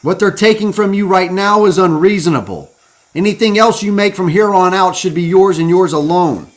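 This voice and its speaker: A man's voice: sits high, normal speed. A man hosting a podcast, delivering a fired-up, profane monologue that rallies his listeners, with music behind him. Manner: profane, preachy, rallying the listener. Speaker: podcast host. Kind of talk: impassioned live-stream monologue.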